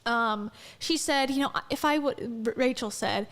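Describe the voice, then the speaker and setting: Young woman, vlog commentary, sarcastic, incredulous, high-pitched. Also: unhurried, few pauses, a bit bright. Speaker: commentary vlogger.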